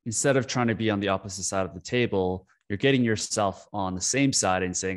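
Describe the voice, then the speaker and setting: Low-voiced male podcast host. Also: fairly quick. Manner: thoughtful, restates the guest's points. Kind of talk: interview questions.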